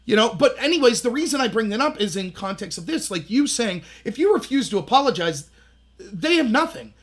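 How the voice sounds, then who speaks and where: A man in his thirties hosting a livestream, telling animated stories in casual commentary and acting out the voices he quotes. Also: very high voice, brisk. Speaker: livestream host.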